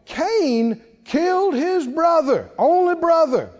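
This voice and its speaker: A man preaches in a high, sweeping voice that rises and falls dramatically and calls on the congregation to answer him. His words ring with a long church reverb. The sound is dull and muffled. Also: lively intonation, slow, a little mellow. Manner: dramatic, call-and-response preaching. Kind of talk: sermon.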